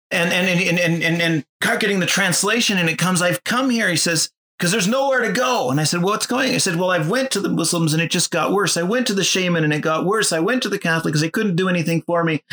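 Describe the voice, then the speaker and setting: A man recounting a missionary testimony, animated and acting out the people he quotes. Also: sits high. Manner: animated, acts out quoted voices. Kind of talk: storytelling testimony.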